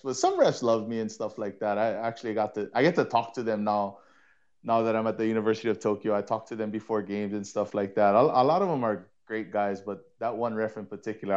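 A man from Hawaii, co-host and former player and coach, telling stories in an animated, laughing way and often repeating words. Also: lowish voice, fast, lo-fi sound. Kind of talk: casual storytelling in a podcast chat.

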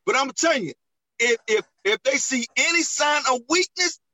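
A man's voice: extremely high pitch, lively intonation, normal speed, pushed and bright, no echo, low-quality recording. A man in casual conversation as a veteran comedian, advising others and repeating phrases for emphasis. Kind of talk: casual chat.

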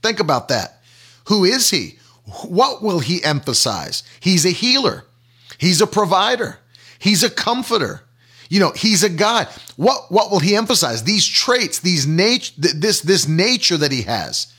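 A man delivers a sermon, teaching with questions and plain examples. His voice rides a little high and moves up and down a great deal. He repeats key phrases to drive them home. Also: sing-song, unhurried, sharp tone, breathy edge. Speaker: preacher.

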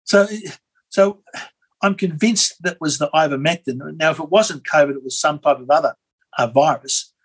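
An Australian man, a former member of parliament, telling a rambling, animated story as an interview guest, with many fillers and restarts. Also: a little high, normal speed, slightly rough, rough recording. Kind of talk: conversational storytelling.

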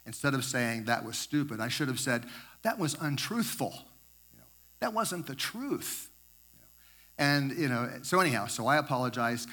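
Older man, grandfather type, bright clear tone, loose rambling sermon storytelling, stumbles and repeats. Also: medium pitch. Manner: rambling, repeats words, self-correcting asides. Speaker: speaker sharing a devotional story.

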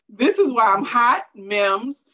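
A woman's voice: a little high, big pitch swings, slow, pushed and bright. A woman in casual chat over a music quiz, playful, laughing often and trailing off mid-sentence. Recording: dull lo-fi sound.

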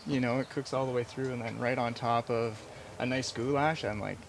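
A man's voice: medium pitch, fairly even intonation, brisk, vocal fry, a little hiss or hum. A man chef teaching a live cooking class in a chatty, rambling way, with many fillers and restarts. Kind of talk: casual live cooking demonstration. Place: farm kitchen class with audience.

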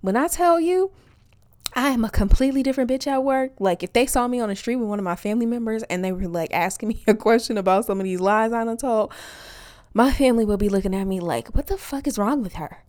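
A woman from Wisconsin delivering a casual comedic monologue, profane and animated, laughing often and mimicking other voices. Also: fairly high pitch, fast talker.

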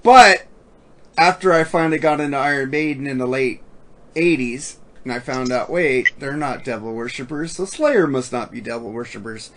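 A man's voice: medium pitch, moderate pace. A man hosting a casual podcast chat, swearing freely and laughing often. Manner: profane, laughs often, loud shouts. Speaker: podcast host.

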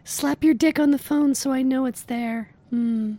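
High, mellow-voiced woman teasing a caller. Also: measured pace. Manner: teasing, bossy, mock-seductive. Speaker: prank caller, podcast host. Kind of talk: comedic prank phone call.

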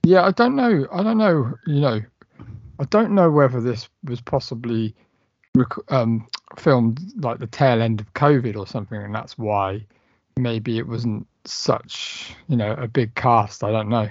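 Male podcast host, rambling and filler-heavy, rough edge to the voice. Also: mid-range voice, unhurried, dry recording, highs cut off. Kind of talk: casual film chat.

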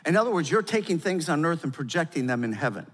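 A man's voice: fairly high pitch, sing-song, fast talker, husky. Older male pastor preaching in a reverberant hall. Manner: emphatic preaching, swings from loud urgency to quiet gravity. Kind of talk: sermon.

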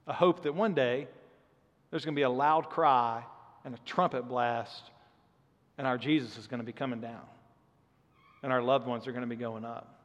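A man in his thirties gives a sermon in an earnest, conversational tone. His voice sits slightly high for a man. A long reverb from the hall trails after his words. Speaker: preacher.

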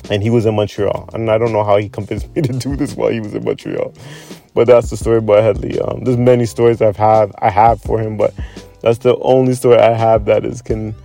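A man's voice: fairly low pitch, little pitch movement, fairly quick, vocal fry, warm tone, soft background music. A man telling a casual story about a friend and acting out what people said in a chatty way. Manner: conversational, acts out quoted speech. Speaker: friend sharing a memorial story.

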